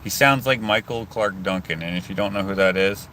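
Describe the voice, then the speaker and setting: Rambling low-voiced man chatting in a car. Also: a little fast, pushed and bright, slight background noise. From Canada. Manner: rambling, chatty, self-interrupting. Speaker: vlogger. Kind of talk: casual chat reading viewer comments. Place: inside a car. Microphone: phone.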